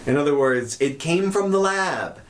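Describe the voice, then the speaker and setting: A man's voice: fairly high pitch, moderate pace, a little hiss or hum. A middle-aged man co-hosting a casual news chat, joking and laughing often. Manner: lively, laughs often, jokey. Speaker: podcast co-host.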